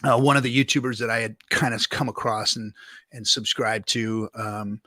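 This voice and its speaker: A man's voice: lowish voice, steady tone, moderate pace, pushed and bright, no room sound, studio quality. A man guest telling his story in a casual, rambling and profane way, full of fillers and restarts.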